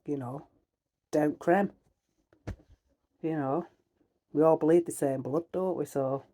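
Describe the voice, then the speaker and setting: A woman with a broad Northern English accent talks straight to her viewers, plain-spoken and rambling. Her voice sits low and mellow with a husky edge, and she drifts from filler to filler. She sounds middle-aged. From Northern England. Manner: blunt, chatty, rambling with many fillers; heated, ranting. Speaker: vlogger. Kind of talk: casual chat to camera.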